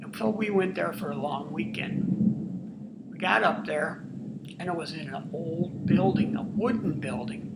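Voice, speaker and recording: A man's voice: fairly high pitch, vocal fry, heavy background noise. An older man, a grandfather, telling a true family story to his grandchildren in a folksy, earnest, marveling way. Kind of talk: casual spoken storytelling. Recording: roomy echo.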